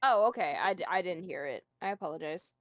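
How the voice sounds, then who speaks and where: A woman taking part in a tabletop game, planning things out in a practical, steady way. Her voice is recorded close and dry, with no room around it. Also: lowish voice, a little fast, no echo. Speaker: player. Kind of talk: playing a tabletop game online.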